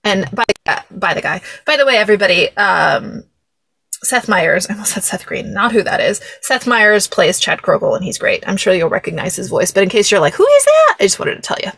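A woman's voice: mid-range voice, fairly quick, vocal fry, fairly bright tone, breathy edge, dry recording. A young woman hosting a podcast, chatting casually and laughing, with many fillers. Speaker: podcast host. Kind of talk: casual chat about a film.

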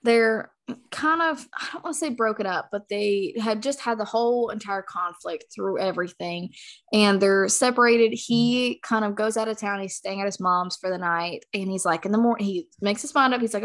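A woman co-hosting a casual book podcast, excitedly retelling scenes and acting out the characters' lines. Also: mid-range voice, normal speed. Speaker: podcast co-host.

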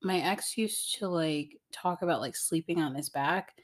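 A woman's voice: low voice, unhurried. A young woman chatting casually, rambling and filling every phrase with "like". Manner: rambling, fills with "like" constantly. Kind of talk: casual chat.

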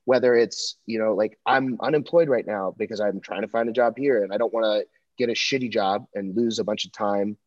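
A man's voice: fairly low pitch, fairly quick, darkish tone, dry recording. Profane rambling young man, dull dry sound. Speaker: comedian and podcast co-host. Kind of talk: casual chat.

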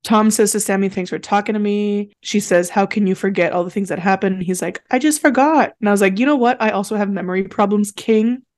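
A young woman co-hosting a casual podcast recaps a reality show, retelling what people said with plenty of laughter. She's chatty and giggly, delivering the quotes in a flat deadpan, and her medium-pitched voice runs fast with few pauses.

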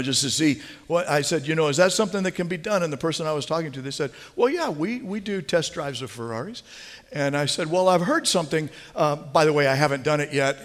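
A man preaching a sermon as pastor, animated, swinging from hushed asides to near-shouting. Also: medium pitch. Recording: long hall reverb.

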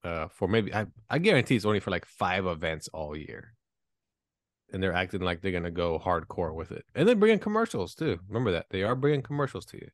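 A man's voice: deep voice, big pitch swings, a little fast, no echo, clean studio sound. A man hosting a podcast in casual chat, teasing his co-hosts, laughing often and swearing freely. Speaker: podcast host.

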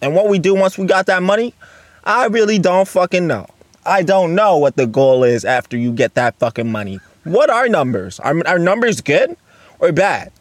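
A man rants alone on his own podcast in a fairly high voice, swearing constantly and rambling from one gripe to the next. He jumps from loud bursts to low mutters. The sound is dry and close, with no room around it. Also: lively intonation, normal speed, no echo. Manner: profane, rambling, swings between loud outbursts and low mutters. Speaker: podcast host. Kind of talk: solo casual podcast rant. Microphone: recorded on a phone and laptop.

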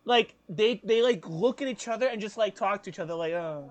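A young man co-hosting a podcast, telling a workplace story in casual chat, lively and acting out what others said. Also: sits high, fairly quick, no room sound. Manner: animated, acts out quoted voices, laughs often. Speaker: podcast co-host.

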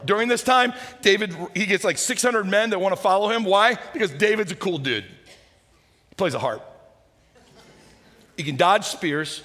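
A male pastor preaching an animated sermon, swinging from shouts to hushed asides and calling the congregation guys. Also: high-pitched. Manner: talks to the congregation informally, calling them guys. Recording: echoey hall.

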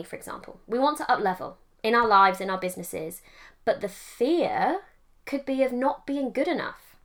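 A woman talks through her podcast alone in an easy, chatty way. Her voice sits a little high, and she slips into animated quoted voices while fixing her own words as she goes. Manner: chatty, self-correcting, animated quoted asides. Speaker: podcast host and mindset coach. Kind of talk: solo podcast monologue.

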